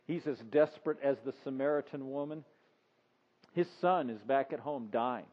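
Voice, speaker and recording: A man's voice: mid-range voice, moderate pace. A man preaching a sermon in a conversational way, acting out the story in voices. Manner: conversational, acts out the scene in voices. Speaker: pastor. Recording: dull sound with long reverb.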